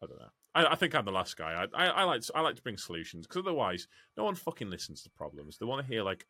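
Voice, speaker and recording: A man co-hosting a casual trucking podcast, animated, swearing freely and acting out quotes. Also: on the low side, quick pace, hardly any pauses, no echo. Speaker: podcast co-host, truck driver.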